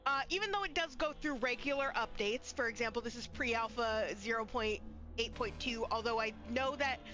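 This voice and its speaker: A woman's voice: on the high side, moderate pace, muffled recording, over music. A woman streaming a horror game live from her bedroom, chatting nervously and breaking into frightened squeals. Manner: jittery, scared, squealing outbursts. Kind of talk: live gameplay commentary. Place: home bedroom.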